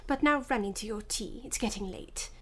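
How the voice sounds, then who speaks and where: Woman playing a gentle older sister. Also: mid-range voice, moderate pace, slight background noise, close to an everyday voice. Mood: tender. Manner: soft, quiet, tender.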